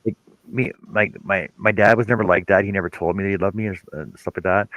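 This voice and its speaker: A man with a very deep voice talks casually on a live stream. He tells wry stories and teases the others. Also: fairly even intonation, quick pace, dry recording, lo-fi sound. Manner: teasing, wry storyteller. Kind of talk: casual chat.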